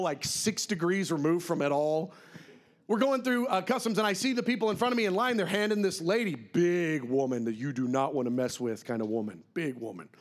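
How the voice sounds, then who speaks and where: A man preaching a sermon, telling a story and acting out the voices of people he quotes. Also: high voice. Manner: animated, acts out quoted voices.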